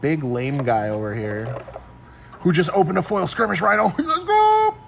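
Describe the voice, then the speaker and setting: A man's voice: fairly high pitch, big pitch swings, moderate pace, creaky, noisy background. A young man streaming while opening card packs, joking playfully with friends. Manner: playful, self-mocking, laughs often. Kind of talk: casual banter on a livestream. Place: indoor room with buzzing lights. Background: faint light buzz.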